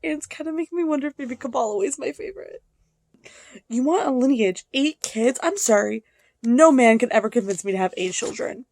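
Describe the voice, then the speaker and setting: Chatty, high-voiced young woman vlogger. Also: fairly quick, no room sound. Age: young adult. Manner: chatty, excitable, filler-heavy, swings between hushed and loud. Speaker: book vlogger. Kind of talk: casual reading vlog chat.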